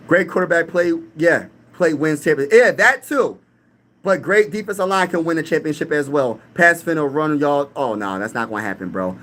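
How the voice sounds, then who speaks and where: A man's voice: on the high side, lively intonation, moderate pace, a bit bright. A young man from Pennsylvania hosting a casual live-stream sports talk, hyped and trash-talking while reading the chat aloud. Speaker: sports channel host.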